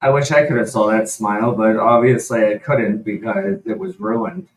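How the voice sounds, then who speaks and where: A man talking in a halting, soft-spoken way, full of "like" and restarts. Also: mid-range voice, animated, slight background noise. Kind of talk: casual conversation. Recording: roomy sound, distant from mic.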